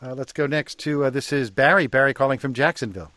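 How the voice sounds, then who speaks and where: A man's voice: medium pitch, fairly even intonation, fast, sharp tone, no echo. Man hosting a call-in radio show. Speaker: radio talk show host.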